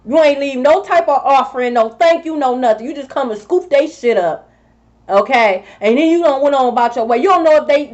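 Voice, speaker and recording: A woman's voice: high voice, highs cut off. A woman tarot reader scolding her rivals in a sassy, profane vlog monologue. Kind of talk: confrontational spiritual vlog monologue.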